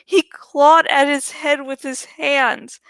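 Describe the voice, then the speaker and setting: A woman reading a novel aloud in first-person audiobook narration, slow and deliberate. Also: sits high, little pitch movement, fairly bright tone, no room sound. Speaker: audiobook reader.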